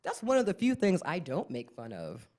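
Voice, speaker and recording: A middle-aged woman performing a stand-up comedy set, often jumping into squeaky acted-out voices. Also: huge pitch swings, normal speed, warm tone.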